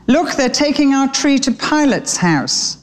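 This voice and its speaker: A woman voicing a curious, earnest young boy sparrow in a spoken storybook, in a high chirpy child's voice. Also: big pitch swings, measured pace. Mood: excited.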